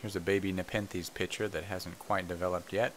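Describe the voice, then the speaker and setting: A man's voice: low-pitched, flat delivery, fairly quick, heavy background noise. A man hosting a casual plant vlog, talking in a friendly, conversational way with the odd "uh". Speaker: vlog host. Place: botanical garden greenhouse.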